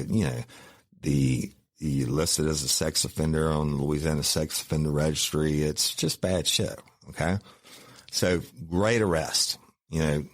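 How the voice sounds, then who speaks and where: A man's voice: extremely low pitch, no echo. A middle-aged man, a former cop hosting a podcast, telling a profane, folksy story and calling listeners y'all. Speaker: podcast host, former police officer. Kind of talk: casual storytelling.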